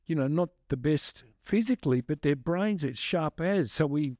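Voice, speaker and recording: A man's voice: on the high side, expressive, moderate pace, darkish tone, no room sound, clean studio sound. A man, a guest musician, answering questions in a chatty, rambling way full of restarts. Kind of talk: casual storytelling answers.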